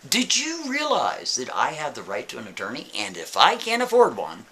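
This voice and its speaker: A man puts on a calm, defiant prisoner in a storytold scene. He recites in a flat, unbothered way, in a bright, lively voice. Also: mid-range voice, moderate pace, heavily acted. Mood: calm recital.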